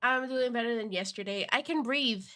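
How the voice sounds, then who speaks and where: A young woman streaming live, chatting casually to viewers, giggly and excitable, with a cold and chewing cough drops. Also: fairly high pitch, moderate pace. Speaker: VTuber streamer.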